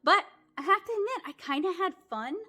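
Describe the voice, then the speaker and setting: A woman giving a casual, chatty art supply review, frank with her opinions and quick to laugh a little. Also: very high voice, very animated, sharp tone.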